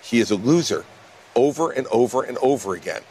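A man's voice: medium pitch, expressive, brisk, a little mellow. A man, a presidential candidate answering questions in a blunt, emphatic way in a TV news interview. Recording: faint background noise.

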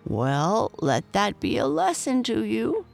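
A woman's voice: a little high, wildly swooping pitch, takes it slowly, creaky, faint music behind, voice pushed up, heavily acted. Woman voicing Grandpa Bumper, an old lecturing goat.

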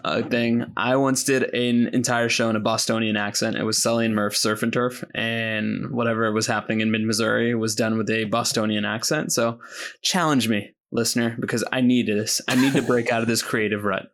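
A male podcast co-host riffs through a casual chat, joking and rambling as he pokes fun at himself. His voice sits at an ordinary middle pitch. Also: fairly even intonation, a little fast, fairly bright tone. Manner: joking, rambling, self-mocking.

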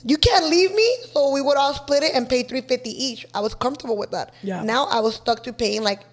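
A woman's voice: high-pitched, fairly quick. Brash, cussing woman LA. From East Los Angeles. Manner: brash, profane, animated. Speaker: podcast guest telling her story. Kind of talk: casual storytelling chat.

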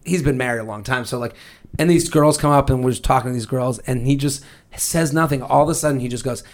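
A man's voice: medium pitch, quick pace. A man in his thirties hosting a podcast, chatting casually, rambling through stories with crude jokes. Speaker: podcast host. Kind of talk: casual chat.

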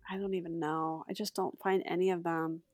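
A middle-aged woman chatting as a podcast guest, blunt, opinionated and quick to mock herself. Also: on the low side, little pitch movement, darkish tone, no room sound, studio quality. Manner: blunt, opinionated and self-mocking. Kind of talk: casual podcast chat.

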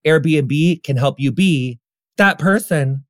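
A man's voice: on the high side, slow, no room sound, clean studio sound. A man reading a sponsor ad in a chatty, gushing way, calling listeners darling and honey. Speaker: podcast host reading ads. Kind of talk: casual ad read.

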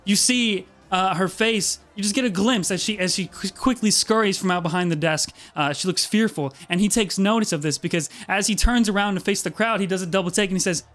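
A man narrating as game master of a tabletop game, describing scenes with many halting restarts. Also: sits high, fairly bright tone.

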